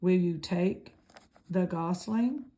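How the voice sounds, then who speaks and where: A woman voicing a cheerful, polite female robot in a storybook read-aloud, speaking in a steady, formal way. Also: on the low side, takes it slowly. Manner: steady, formal, even-toned.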